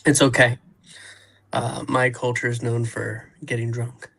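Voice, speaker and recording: A playful man hosting a casual live podcast, his voice bright and forward. He jokes and teases as he introduces his co-hosts, keeping things loose. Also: medium pitch, level tone, unhurried, creaky, breathy edge. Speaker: podcast host.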